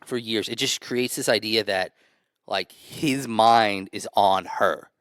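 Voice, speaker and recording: Guy with a smooth low voice, dry mic, podcast hot takes. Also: slow pace, fairly bright tone, no room sound. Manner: opinionated, restarts often. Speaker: podcast co-host. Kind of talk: casual review chat.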